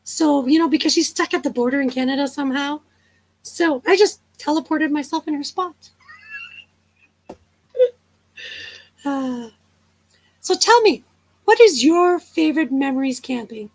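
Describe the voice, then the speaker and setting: High-pitched woman rambling through a live chat, lots of laughing, dry close mic. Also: unhurried, pauses often, dry recording, poor audio. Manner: chatty, laughing, storytelling. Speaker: livestream host.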